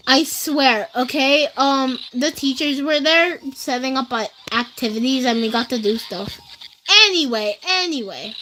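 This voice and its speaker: A woman's voice: high voice, measured pace, sharp tone, slight background noise, poor audio. A teenage girl livestreaming, telling school stories to her chat in a rambling, casual way, full of fillers. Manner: chatty, rambling, many fillers, speaks straight to chat. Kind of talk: casual storytelling to a live chat.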